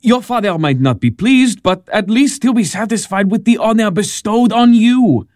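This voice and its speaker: A man's voice: high-pitched, expressive, normal speed, darkish tone, no room sound, clean studio sound. An eager, persuasive churchman. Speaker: canon assisting a bishop. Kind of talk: radio drama acting.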